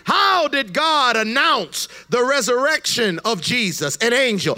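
A man preaching a sermon, building from quiet explanation to shouted emphasis with call-and-response. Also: very high voice, sing-song, a little slow, few pauses.

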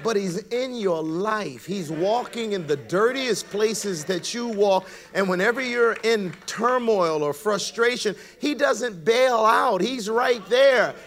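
A male pastor delivering a lively, humorous sermon with a fairly high voice. He tells stories with punchlines, drops into low murmured asides, and then rises into loud preaching calls. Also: slow pace, hardly any pauses. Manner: comic storytelling, acts out quoted voices, swings loud and soft.

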